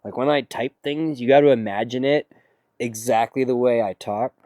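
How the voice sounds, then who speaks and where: A man's voice: medium pitch, normal speed, mellow, no echo. Chill sarcastic guy talking to his stream chat, super dry close sound. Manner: sarcastic, laid-back, slangy. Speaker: music streamer taking song requests. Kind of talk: casual livestream chat.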